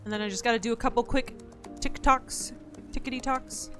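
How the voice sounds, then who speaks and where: Woman streamer, casual playful chatter, slightly high voice, faint music in the background. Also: fairly even intonation, a little fast. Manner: chatty and playful, thanking donors. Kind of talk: casual live-stream chat.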